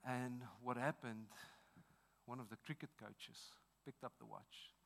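A man in his thirties with a South African accent preaching a sermon, telling a personal story earnestly and swinging from hushed to loud. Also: mid-range voice, steady tone, measured pace. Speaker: pastor.

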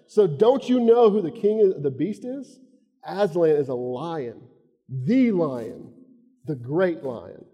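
A man's voice: a little high, lively intonation, slow, big-room sound, lo-fi sound. A man with a Southern US accent voicing a stern, proud male talking beaver, reading it aloud. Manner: stern, emphatic.

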